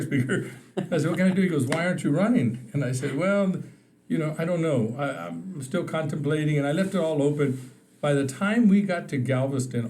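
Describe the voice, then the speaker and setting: A Texan state representative, appearing as a podcast guest, tells stories in a casual interview. His voice sits a little high, and he's an animated storyteller who acts out quoted phone calls while laughing.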